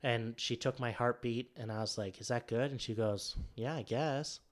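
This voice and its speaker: Man, casual chat, rambling storyteller, lots of fillers, mid-pitched voice. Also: normal speed. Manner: rambling, filler-heavy, acts out quotes.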